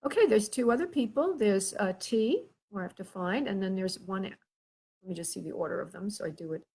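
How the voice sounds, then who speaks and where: Woman, spirit medium, gentle and soothing, hesitant with filler sounds, mid-pitched voice. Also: expressive, fairly quick, husky. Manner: gentle, soothing, checks in often with the caller. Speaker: spirit medium and show host. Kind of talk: live psychic reading for callers.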